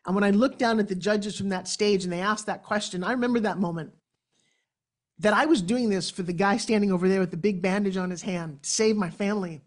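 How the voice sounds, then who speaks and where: A woman in her sixties with a New York accent, speaking on an event stage as a motivational speaker. She tells her stories dramatically, acting out the quotes. Her voice sits at an ordinary, mid-range pitch. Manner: dramatic, animated storytelling with acted-out quotes. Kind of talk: motivational keynote speech. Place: event stage before an audience.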